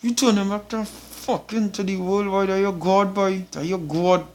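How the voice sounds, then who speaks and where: A man's voice: sits high, steady tone, moderate pace, darkish tone. A man with a Trinidadian accent preaching an informal sermon, emphatic and blunt, tagging his lines with "boy" and swearing for emphasis.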